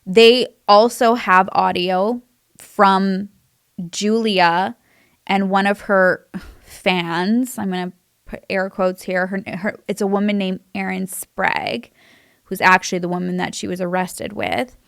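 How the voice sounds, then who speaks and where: A woman's voice: mid-range voice, steady tone, a little slow, creaky, clean tone, no room sound, clean studio sound. A young woman giving casual true crime commentary, chatty and emphatic, with many fillers. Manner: chatty, says "like" a lot; emphatic and indignant.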